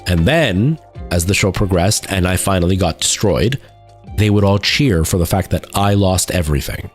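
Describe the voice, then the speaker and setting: A man talking casually on his live stream, telling a rambling story with many fillers and restarts. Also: low voice. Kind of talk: casual chat.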